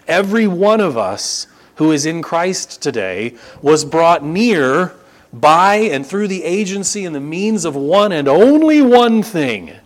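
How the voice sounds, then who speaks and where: Slow, emphatic man preaching a sermon. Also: a little high, very animated. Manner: emphatic, slow, repeats key phrases for stress. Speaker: pastor.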